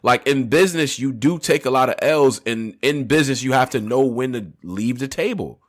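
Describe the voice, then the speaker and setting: A man hosting a casual podcast debate, talking in a laid-back, slangy way, his pitch swinging up and down as he muses. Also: normal speed. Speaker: podcast host and debate moderator.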